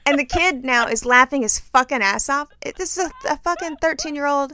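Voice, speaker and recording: A middle-aged woman co-hosting a casual chat, telling a story in an animated, profane way and acting out what people said. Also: high-pitched, brisk, few pauses, no echo, studio quality. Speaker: podcast co-host.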